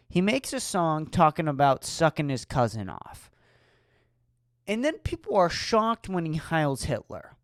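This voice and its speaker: A woman's voice: sits low, no echo, clean studio sound. A woman hosting a solo podcast, ranting with profane, sarcastic rhetorical questions. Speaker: podcast host.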